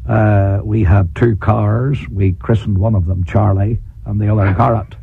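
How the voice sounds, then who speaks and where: Gravelly Northern Irish man on tinny radio. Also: lowish voice, fairly even intonation, dry recording. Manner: forthright, deliberate, chuckles often. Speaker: politician and preacher, interview guest. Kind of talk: radio interview. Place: radio studio. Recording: dry tinny 1980s radio broadcast.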